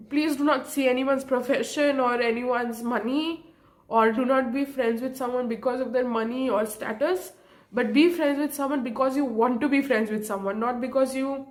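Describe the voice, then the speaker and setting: A young woman vlogging about her feelings, emotional and close to tears, apologizing often with nervous laughs. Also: fairly high pitch. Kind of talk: emotional personal vlog.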